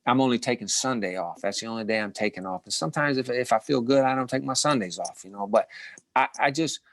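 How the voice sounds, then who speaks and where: With a mid-range voice and a quick pace, a middle-aged ex-boxing champion spins lively stories of his fighting days in an informal interview. He often restarts sentences, repeats himself and chuckles briefly. There's no room sound on the recording.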